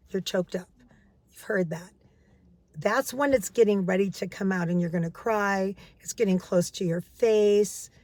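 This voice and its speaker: A woman's voice: medium pitch, darkish tone. Earnest woman recovery coach. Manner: earnest, repeats phrases for emphasis. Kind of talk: casual advice talk.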